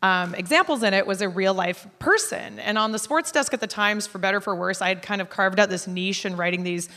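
Bright-voiced woman author, reverberant hall. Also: mid-range voice, fairly quick. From Eugene, Oregon. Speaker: author, interview guest. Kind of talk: radio interview.

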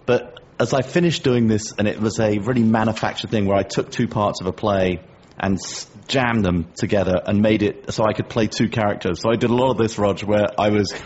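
A middle-aged English man co-hosting a podcast, telling a story in a lively, self-mocking way. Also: on the low side, fairly quick, breathy edge. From England. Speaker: podcast co-host. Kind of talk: casual chat. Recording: dull lo-fi podcast audio.

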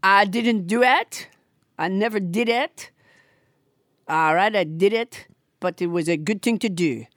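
A woman voicing a blustering male hand-puppet politician with a put-on French accent, shouting and boastful. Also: mid-range voice, unhurried, pauses often, dry recording, studio quality, pitched below the performer's own voice, lightly acted. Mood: pompous.

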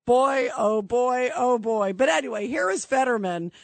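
A woman hosting a radio talk show, sarcastic and animated, mocking and doing impressions as she talks. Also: on the high side, normal speed, gravelly, no echo.

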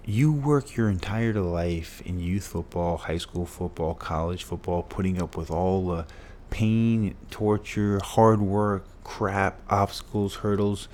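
Deep-voiced man telling an emotional story. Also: slow, hardly any pauses, darkish tone, slight background noise. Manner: emotional, earnest, lots of repetition. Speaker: guest, former pro football player. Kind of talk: storytelling in an interview.

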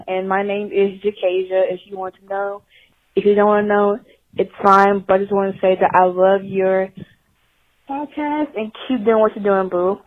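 A woman phones in to a podcast and speaks in an affectionate, rambling way. Her pitch is middle for a woman. The call sounds thin and tinny, like a phone line. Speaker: caller.

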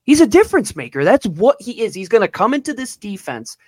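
A man's voice: high-pitched, big pitch swings, a little fast, breathy edge, dry recording. A man co-hosting a sports podcast, talking emphatically and drawing words out for effect. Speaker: podcast co-host.

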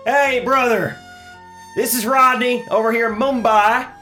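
A man doing a loud brash Texan cowboy. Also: extremely high pitch, steady tone, a little slow, soft background music, pitched above the performer's own voice, heavily acted. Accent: put-on Texan drawl. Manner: brash, threatening, calls everyone brother.

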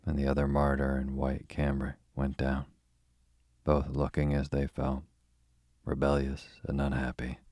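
A young man hosting and narrating a bedtime story in a slow, calm, soothing way. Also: very deep voice, dry recording, studio quality.

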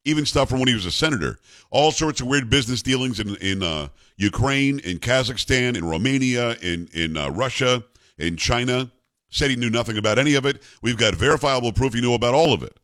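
A man's voice: medium pitch, expressive, brisk, fairly bright tone, dry recording. Indignant talk radio host, man. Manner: indignant, sarcastic. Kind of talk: political talk radio monologue.

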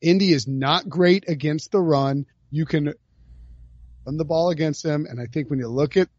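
Here a man hosts a podcast and chats loosely about football betting picks with a few jokes along the way. His voice is a little high and his pace moderate, and the audio is muffled but free of echo.

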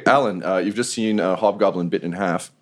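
A man narrating as game master of a tabletop role-playing game, lively and quick to laugh. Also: deep voice. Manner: lively, laughing narration with shouted character lines.

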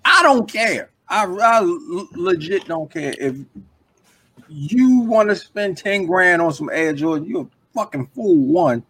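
Husky, animated man ranting bluntly. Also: high-pitched, a little slow. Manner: blunt, profane, emphatic rants. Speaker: podcast co-host. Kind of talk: casual live podcast chat.

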